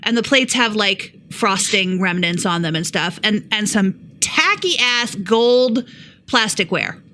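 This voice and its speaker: A woman's voice: mid-range voice, lively intonation, unhurried, bright, forceful tone, a little hiss or hum. A woman co-hosting a comedy podcast, telling a story in a profane, exasperated, casual way. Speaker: podcast co-host.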